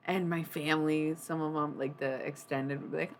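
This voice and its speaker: Chatty low-voiced woman streamer. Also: fairly even intonation, brisk, a little hiss or hum. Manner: chatty, rambling, swears casually. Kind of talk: casual chat on a livestream.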